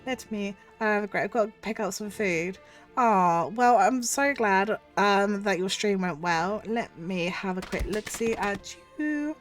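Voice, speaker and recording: A woman streamer with a cold, her voice husky, chatting effusively with viewers. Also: medium pitch, a little slow, faint music behind. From United Kingdom. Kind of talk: casual livestream chat.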